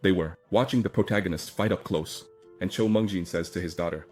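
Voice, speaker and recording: A man's voice: low-pitched, fairly quick, a little mellow, soft background music. A man narrating a comic story recap in a chatty, casual retelling style, linking events with frequent asides.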